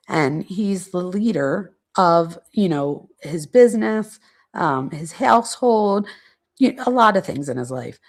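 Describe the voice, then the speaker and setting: A woman hosts a true crime channel, talking through a transcript and adding her own comments. Her voice has a gravelly edge. She speaks casually and haltingly, with plenty of fillers. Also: on the low side. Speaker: true crime podcast host.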